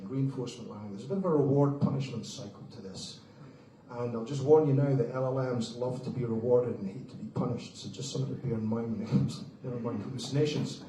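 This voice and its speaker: Fast-talking man in an echoey hall. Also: mid-range voice, warm tone, a little hiss or hum. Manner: brisk, joking, conversational, addresses the crowd as folks. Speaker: conference speaker. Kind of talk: conference keynote talk. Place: large conference hall. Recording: echoey hall, distant mic, faint ambience.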